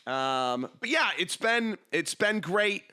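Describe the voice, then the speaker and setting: Rambling, lively young man chatting. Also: high voice, slow pace, smooth. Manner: rambling, self-mocking, jumps between tangents. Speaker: podcast host. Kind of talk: casual solo podcast chat.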